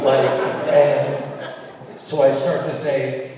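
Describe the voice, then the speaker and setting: A man telling an animated anecdote onstage, acting out the lines of the people in his story. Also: a little high, slow pace, very noisy. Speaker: film director guest. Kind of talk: storytelling in a live onstage conversation. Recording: echoey hall recording from far off.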